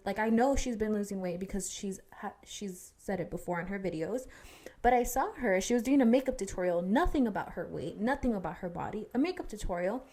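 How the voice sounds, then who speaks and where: A young woman co-hosting a podcast in easy, casual chat. She tells a personal story candidly, with plenty of fillers and restarts along the way. Her voice sits at an ordinary middle pitch. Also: a little mellow. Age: young adult. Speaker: podcast co-host.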